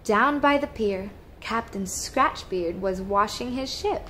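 A woman teacher reads a picture book aloud to young children in a gentle, expressive way. She takes her time over every line, with a faint hiss under her voice. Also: mid-range voice, a little slow, few pauses.

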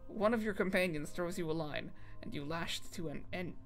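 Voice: mid-range voice, normal speed, soft background music. A streamer reading game text aloud on a casual stream, often stumbling over words and making fun of themself.

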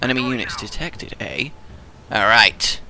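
A man narrates his strategy match as he plays, excitable and quick to swear and trash-talk. His voice is bright. A faint hum sits underneath. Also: on the low side, creaky. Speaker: gaming video host. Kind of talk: live gameplay commentary.

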